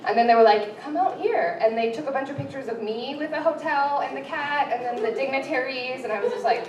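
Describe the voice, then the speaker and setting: A woman's voice: high voice, fast. Chatty young woman doing stand-up on a roomy stage. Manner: chatty, self-deprecating, many ums. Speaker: stand-up comedian. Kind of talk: stand-up comedy set. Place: improv theater stage with live audience. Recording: roomy, from far off, crowd and noise.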